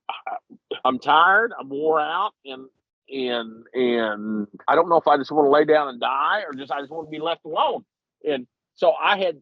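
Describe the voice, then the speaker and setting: His voice leans high and creaky, with no room sound around it. He's a regular podcast guest in his 50s from Missouri, calling in to ramble through a long story that pokes fun at himself, over muffled, lo-fi phone audio.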